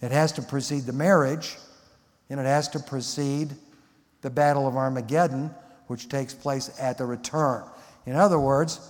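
A man teaching a Bible lecture in a sermon style, emphatic and fond of rhetorical questions. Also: on the high side. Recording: long hall reverb.

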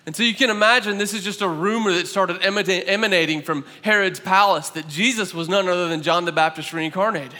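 A man preaching a sermon as pastor, talking conversationally with an animated delivery. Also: sits high, fairly quick, few pauses, big-room sound.

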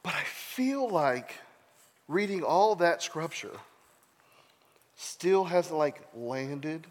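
A male preacher reads scripture and breaks off for playful, self-mocking jokes. His voice sits high and swings widely. Long reverb from a large hall trails after every phrase. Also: expressive, extremely slow. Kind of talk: scripture reading with joking asides.

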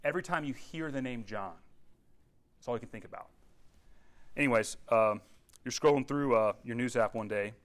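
A man's voice: mid-range voice, moderate pace, long pauses. A man, teaching a casual Bible lesson to young people and often checking in with his listeners. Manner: conversational, checks in with "all right?" and "okay?". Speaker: youth pastor.

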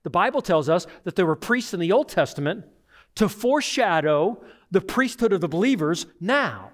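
A man's voice: high-pitched, big pitch swings, normal speed. A middle-aged man, a pastor, preaching a sermon in an earnest, direct way with repeated phrases.

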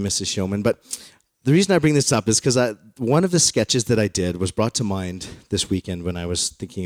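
A man's voice: on the low side, no echo, clean studio sound. A male pastor delivering a sermon to a congregation, talking in a conversational, storytelling way. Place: in front of a congregation.

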